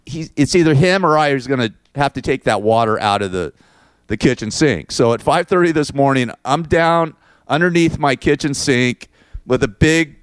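Smooth-voiced middle-aged man ranting casually. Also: medium pitch, moderate pace, dry recording. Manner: crude, swearing, animated storytelling. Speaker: show host. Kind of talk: rambling casual monologue.

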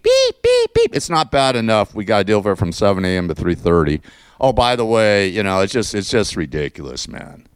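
Radio host guy ranting and mocking ppl, swears, smooth clear voice. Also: lowish voice, no echo, clean studio sound. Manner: mocking, profane, laughs at his own jokes. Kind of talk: talk radio rant.

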